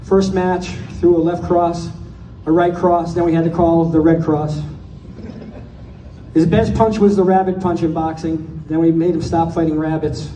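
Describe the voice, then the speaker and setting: A man's voice: fairly high pitch, warm tone, a little hiss or hum. A man giving a joke-filled roast speech at a birthday party, firing off one-liner punchlines. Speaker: speaker giving a birthday toast. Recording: echoey hall, mic from far off.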